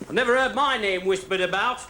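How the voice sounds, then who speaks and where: An actor playing a put-upon young shop assistant, wry and self-pitying. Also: male voice, high-pitched, brisk, bright, forceful tone, slight background noise.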